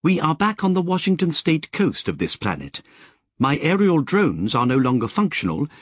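Crisp chattery ai guy, talks fast and bright, lots of ups and downs, narrator doing the voice. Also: a little high, huge pitch swings, no echo, clean studio sound, pitched above the performer's own voice, exaggerated voice. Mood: clinical. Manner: crisp, eager, fast-talking. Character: precise, chattering male AI voice.

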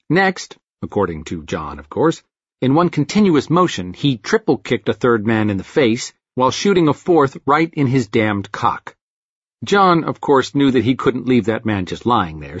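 Husky guy reading an audiobook deadpan, dry dull lo-fi sound. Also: mid-range voice, dry recording. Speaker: audiobook narrator. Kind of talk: first-person audiobook narration. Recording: dull lo-fi recording.

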